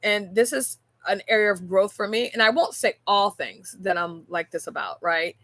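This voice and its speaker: Bright-voiced woman, earnest faith talk. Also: medium pitch, normal speed, dry recording. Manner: earnest, storytelling, rhetorical "right?". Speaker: podcast host. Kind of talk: casual faith-based reflective talk. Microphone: on camera.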